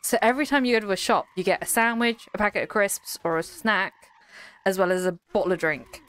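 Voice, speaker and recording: A young woman chatting with her stream audience, rambling from one thought to the next and laughing easily. Her voice sits at an ordinary middle pitch, relaxed and conversational. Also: a little fast. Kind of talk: casual chat with live chat.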